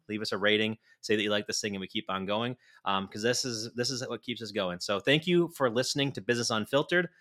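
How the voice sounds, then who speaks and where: Fast-talking bright-voiced male co-host. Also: on the low side. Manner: loose, rambling, restarts words often. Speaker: podcast co-host. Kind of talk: casual podcast chat.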